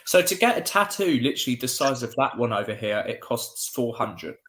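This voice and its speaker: A man with a lively, rising-and-falling voice and a middle pitch. He talks in an animated, chatty way, and his voice carries the echo of a roomy space. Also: brisk. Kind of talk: casual chat on a live call. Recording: echoey room.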